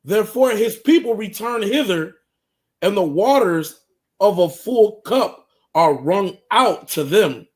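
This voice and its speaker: A man reads scripture verses aloud, slowly and deliberately, pausing over the words. His voice is pitched high for a man. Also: lively intonation. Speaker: scripture reader.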